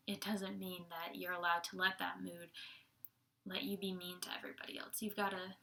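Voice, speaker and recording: A woman's voice: lowish voice, level tone, normal speed, vocal fry, pushed and bright. A young woman giving a casual Sunday devotional talk, chatty, laughing often and using many fillers. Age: young adult.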